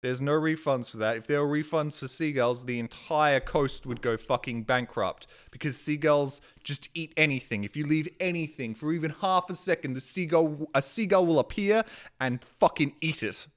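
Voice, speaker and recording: A man's voice: a little high, moderate pace. A young man telling a story as a live streamer, casual and exasperated, swearing often as he rants. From Australia.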